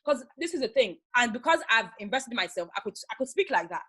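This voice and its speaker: A woman's voice: a little high, fast talker, heavy background noise. A young woman from Nigeria, a makeup artist, chatting casually as a guest and animatedly telling stories. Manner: animated storyteller, acts out callers. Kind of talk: casual chat, storytelling.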